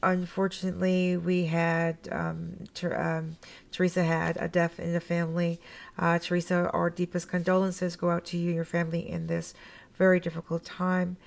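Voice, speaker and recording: Gravelly-voiced chatty Canadian woman host. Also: fairly low pitch, completely flat delivery, normal speed. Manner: chatty, laughs often, many fillers. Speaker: podcast host. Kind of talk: casual podcast chat.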